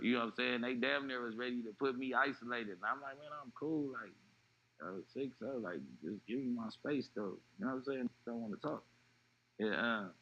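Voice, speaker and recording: A man telling a personal story in an interview, animated and acting out what others said. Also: lowish voice, husky, dull audio. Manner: animated retelling, acting out quoted voices. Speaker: interview guest.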